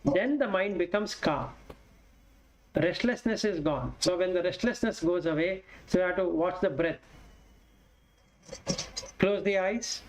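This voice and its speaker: High-voiced man chanting Pali verses. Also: low-quality recording. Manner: explains with everyday examples, chants Pali verses. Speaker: Buddhist Dhamma teacher. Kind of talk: dharma talk with Pali chanting.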